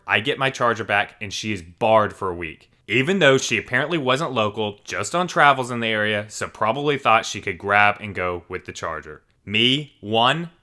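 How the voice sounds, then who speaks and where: A man hosting a channel and narrating online posts in an animated, expressive storytelling way. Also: on the low side. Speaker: channel host reading stories.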